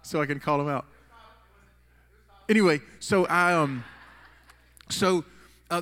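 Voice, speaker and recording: A man's voice: fairly high pitch, unhurried, pauses often, a bit bright. A man preaching a sermon in a casual, rambling way, restarting sentences as he tells a story in a church. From United States. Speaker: pastor. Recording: long hall reverb.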